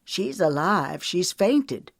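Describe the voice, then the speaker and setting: A woman reading a gentle country farmer. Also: on the low side, sing-song, takes it slowly, creaky, dry recording, clean studio sound, heavily acted. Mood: earnest.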